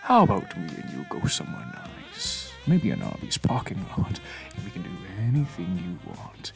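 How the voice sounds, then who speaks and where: A man putting on a gravelly, sultry seducer. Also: huge pitch swings, soft background music, heavily acted. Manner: slow, low, breathy crooning close to the mic. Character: sultry seductive male suitor, smooth and scheming.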